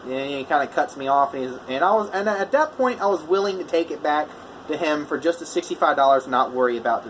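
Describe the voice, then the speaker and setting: A man's voice: mid-range voice, a little hiss or hum, poor audio. Welder man retelling a customer quarrel. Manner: animated retelling, quoting both sides of a phone argument. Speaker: welder telling a customer story. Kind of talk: casual vlog storytelling.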